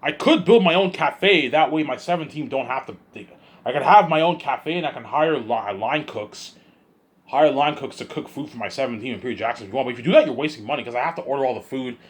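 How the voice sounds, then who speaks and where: A man's voice: mid-range voice, fast talker, husky. A man vlogging in a rambling solo monologue, repeating himself and restarting sentences as he daydreams aloud.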